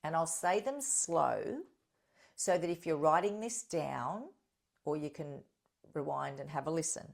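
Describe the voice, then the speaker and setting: A woman's voice: low voice, a little slow, vocal fry. A woman hosting a solo podcast, talking in an earnest, direct and encouraging way and checking in with her listeners. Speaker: podcast host and healing coach.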